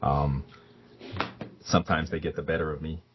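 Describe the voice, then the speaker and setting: A man voicing a halting, overly polite young man. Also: rumbling low, flat delivery, background noise. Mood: earnest. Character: earnest, formal young man, emotional but trying to be proper. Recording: dull, lo-fi sound.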